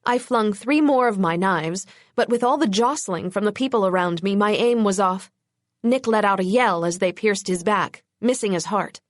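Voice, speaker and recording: A woman's voice: mid-range voice, normal speed, dry recording, clean studio sound. Woman narrating a tense audiobook. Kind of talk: first-person audiobook narration.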